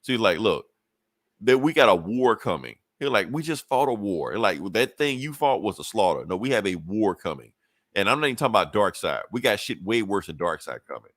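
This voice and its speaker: Casual podcast co-host, male, lowish voice, dry close mic, profane and loose, recaps comic plots. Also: very animated, fairly quick, a bit bright, dry recording. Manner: loose and profane, acts out characters' lines with laughs.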